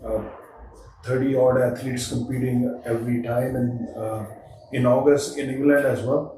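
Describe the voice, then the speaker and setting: A man's voice: mid-range voice, level tone, moderate pace. A hesitant podcast host from India speaks in casual interview chat, full of fillers. He is a man heard from far off the mic, in a very echoey room with faint background noise.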